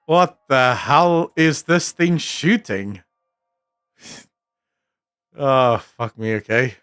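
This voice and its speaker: A man's voice: mid-range voice, expressive, extremely slow, a bit bright, smooth, dry recording, clean studio sound, soft background music. A young man chatting casually on his stream, rambling and swearing freely. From South Africa. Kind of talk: casual chat reacting on stream.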